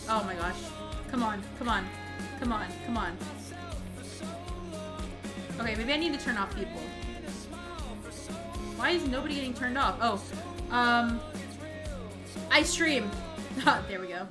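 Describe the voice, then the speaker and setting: Woman streamer, high voice, slow easy delivery, sings along and yelps; loud music under the voice. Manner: sings along to songs, breaks into loud excited outbursts and laughter. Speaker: live streamer. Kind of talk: casual live-stream chatter. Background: loud pop music playing.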